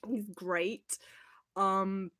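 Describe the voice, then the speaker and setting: A woman's voice: mid-range voice, steady tone, drawn-out words, bright, forceful tone. Rambling, giggly woman livestreaming. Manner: chatty and rambling, giggly, lots of fillers. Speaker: teacher livestreaming to viewers. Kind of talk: casual livestream chat, reading out comments.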